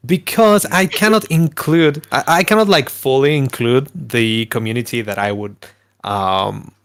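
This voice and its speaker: A man from Argentina, a guest musician in a casual video-call chat, talking in an animated way with frequent laughs and self-corrections. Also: mid-range voice, measured pace, smooth.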